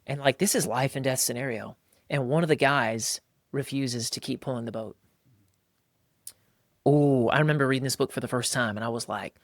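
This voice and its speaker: A man hosts a casual podcast in a mid-range voice, speaking with emphatic, animated energy. He often breaks into higher, louder voices to act out what people say. The sound is dry and close, with no room echo. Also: normal speed, pauses often. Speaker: podcast host. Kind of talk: casual podcast talk on faith and marriage.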